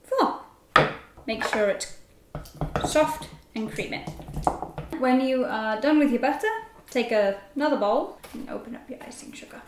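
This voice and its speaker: A woman's voice: on the high side, a little slow, long pauses, background noise. A woman chatting through a casual baking tutorial, giggling as she works in a home kitchen. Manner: chatty, giggly, talks while working. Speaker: baking vlogger. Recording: echoey kitchen with clattering dishes.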